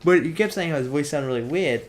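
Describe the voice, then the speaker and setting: A man's voice: animated, quick pace. Joking teen guy. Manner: joking, jumpy pitch. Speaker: podcast host. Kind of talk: casual chat.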